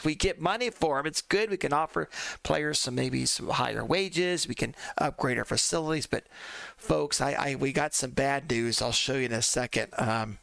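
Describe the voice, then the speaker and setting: A man's voice: medium pitch, creaky, a bit bright, no echo. A man hosting a let's play who chats loosely and rambles, often calling his viewers folks. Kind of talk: casual gaming commentary.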